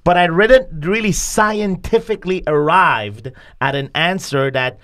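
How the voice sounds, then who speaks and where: A man's voice: on the high side, animated, a little slow, few pauses, bright, forceful tone. Blunt, profane male podcast host. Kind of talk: candid conversational podcast.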